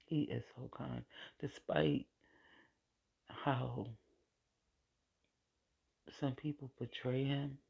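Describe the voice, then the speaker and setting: Very husky, gravelly woman speaking slowly. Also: extremely low pitch, highs cut off. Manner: repeats phrases for emphasis, drifts into whispers. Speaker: vlogger sharing her faith. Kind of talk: personal testimony vlog.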